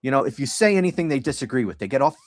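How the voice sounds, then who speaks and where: This middle-aged podcast host runs a relaxed solo livestream full of rambling, swearing and sardonic remarks. His ordinary-pitched voice comes across sing-song and very fast. The recording is dry and close, with no room sound at all.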